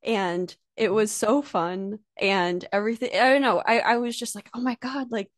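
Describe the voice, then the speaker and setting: A woman's voice: mid-range voice, steady tone, normal speed, dry recording, clean studio sound. An American woman hosting a casual interview, chatty and giggly with lots of filler words. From United States. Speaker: podcast host.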